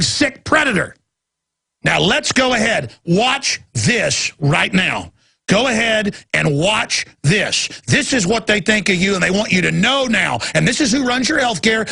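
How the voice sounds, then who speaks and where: A male talk radio host ranting in a heated monologue, mocking voices and breaking into shouts, with a gravelly voice. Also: high-pitched.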